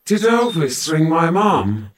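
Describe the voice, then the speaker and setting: A man's voice: on the high side, big pitch swings, takes it slowly. A man playing a feverish, delirious crew member who rambles nonsense in an amateur audio drama. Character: delirious, confused sick male crew member.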